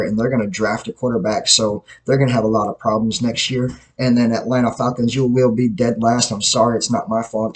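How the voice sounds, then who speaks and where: A man's voice: on the low side, poor audio. A man hosting his own self-produced podcast, giving blunt, opinionated sports takes in a rambling, casual way with frequent self-corrections. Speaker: podcast host. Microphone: self-produced podcast mic.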